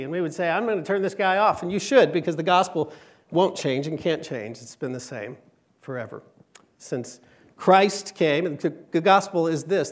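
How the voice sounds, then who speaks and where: Man in his late forties, from Michigan, fairly high voice, storytelling church talk, humorous, loud emphatic peaks. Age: 40s. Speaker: speaker at a church conference. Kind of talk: inspirational talk to a live audience.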